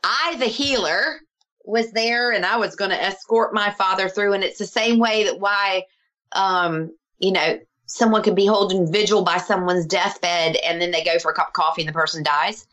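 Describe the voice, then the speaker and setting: A woman's voice: medium pitch, normal speed. A middle-aged woman, a healer, earnestly telling a personal story in conversation and acting out the voices of the people in it. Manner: earnest, animated, acts out quoted voices.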